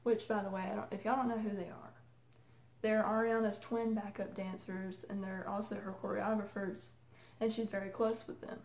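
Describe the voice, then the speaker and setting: A woman excitedly telling a rambling story to camera, full of fillers. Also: mid-range voice, normal speed, slight background noise. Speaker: vlogger. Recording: echoey room.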